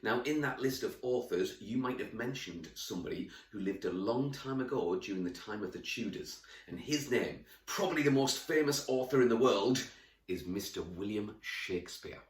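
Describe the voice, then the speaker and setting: A man teaching a lesson to young children, talking straight to them in a lively way. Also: on the low side, normal speed, echoey room, recorded from a distance. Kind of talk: classroom lesson to camera.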